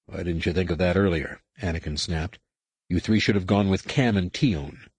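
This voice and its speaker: A man's voice: deep voice, moderate pace, husky, no echo. A man voicing a stern, commanding teenage male Jedi who speaks in a firm, clipped way.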